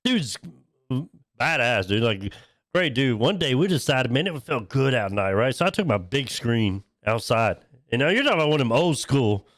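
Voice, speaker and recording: A podcast co-host tells crude stories in casual conversation, cursing and animated, hammering his points by repeating himself and constantly saying "listen." His mid-range voice moves at a moderate pace, recorded dry with clean studio sound.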